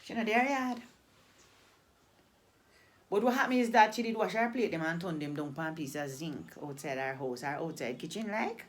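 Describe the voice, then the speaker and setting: A woman from Jamaica with a Jamaican accent, telling a story in a deliberate way and repeating phrases for emphasis. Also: lowish voice, expressive. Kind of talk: oral storytelling.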